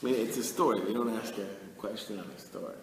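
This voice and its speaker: A rabbi giving an animated storytelling Torah class, acting out the people in his tale. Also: fairly low pitch, quick pace, a little hiss or hum. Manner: animated storyteller, acts out characters. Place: study hall. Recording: echoey hall.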